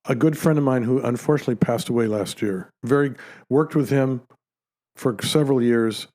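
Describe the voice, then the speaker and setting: A man's voice: medium pitch, normal speed, a little mellow. Wry man co-hosting a podcast. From Canada. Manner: chatty, wry interjections. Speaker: podcast co-host. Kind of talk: casual podcast chat.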